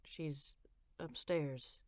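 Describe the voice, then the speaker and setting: Woman voicing a soft-spoken, worried man. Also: fairly even intonation, very slow, no room sound, studio quality. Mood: hesitant. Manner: soft, low, reassuring. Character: worried, comforting boyfriend, man.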